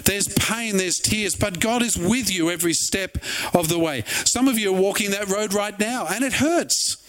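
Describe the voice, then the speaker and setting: Earnest high-voiced preacher. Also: male voice, moderate pace, a bit bright. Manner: earnest and conversational, with wry asides. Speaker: pastor. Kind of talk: sermon.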